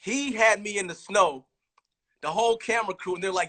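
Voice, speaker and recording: Man from california, bright and slightly high voice, rambling livestream chat, lots of restarts. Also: a little fast. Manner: rambling, restarts a lot, animated storytelling with quoted lines. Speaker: rapper talking on a livestream.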